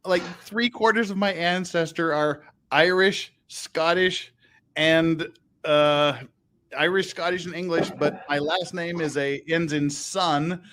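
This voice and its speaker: A man's voice: on the high side, steady tone, slow pace, a bit bright. A man hosting a livestream in casual chat, laughing uncontrollably as he talks.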